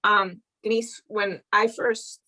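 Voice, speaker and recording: A woman's voice: medium pitch, steady tone, takes it slowly, pushed and bright, poor audio. A woman in a group video chat, praising a friend in an emotional, rambling way while holding back tears. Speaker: group member giving encouragement. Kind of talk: casual chat on a video call.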